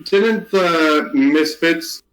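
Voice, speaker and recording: Man, player, slightly high voice, helpful with rules. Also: extremely slow, low-quality recording. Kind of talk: casual tabletop game talk.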